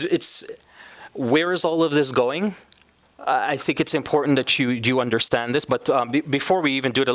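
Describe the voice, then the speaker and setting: A man's voice: mid-range voice, fairly bright tone, dry recording. A man teaching an Islamic studies class in a casual, conversational way, now and then acting out quoted speakers.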